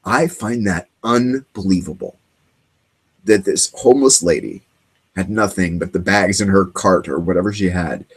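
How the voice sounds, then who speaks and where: With a fairly low, husky voice, a man who came of age in the 1980s hosts a late-night show and stumbles through a loose monologue, emotional to the point of tears. He rambles and hesitates, using fillers and restarting sentences.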